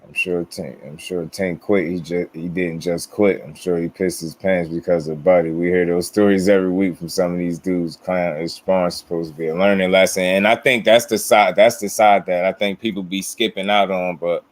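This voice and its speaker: A man hosting a boxing channel in a relaxed, unhurried way, calling out his viewers. His voice sits very low and barely moves in pitch. The sound is close and dry, with no room in it. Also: no echo. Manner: laid-back, drawn-out talk with shout-outs to chatters. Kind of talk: casual commentary to viewers.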